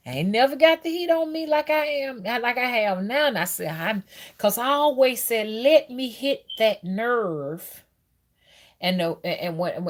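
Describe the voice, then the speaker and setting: A woman hosting a casual spiritual live stream, talking loosely with many fillers and reading out viewer comments. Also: mid-range voice.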